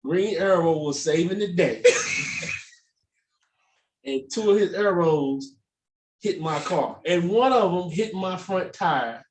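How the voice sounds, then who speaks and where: A man's voice: high-pitched, expressive, slow, long pauses, darkish tone, recorded from a distance. A man co-hosting a podcast, telling profane comic stories and acting out scenes in voices. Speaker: podcast co-host. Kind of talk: casual comedic chat. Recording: echoey room, off-mic, faint noise.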